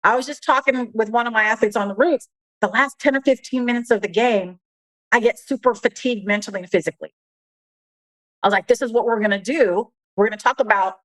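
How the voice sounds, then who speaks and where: A woman's voice: mid-range voice, rough recording. A woman who coaches athletes on mental performance, talking on a podcast in an upbeat, encouraging way. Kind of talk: casual podcast conversation.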